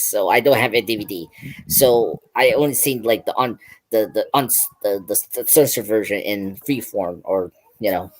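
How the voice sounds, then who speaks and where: A man hosting a pop culture stream, retelling a film's scenes in a loose, rambling way with lots of "like" and restarts. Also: fairly low pitch. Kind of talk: casual film review chat.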